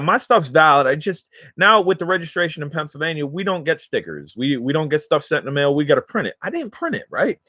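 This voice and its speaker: A man's voice: fairly high pitch, a bit bright, dry recording. A man casually telling a rambling story straight to his viewers in slangy, everyday speech, speaking close to the mic. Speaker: cannabis vlogger.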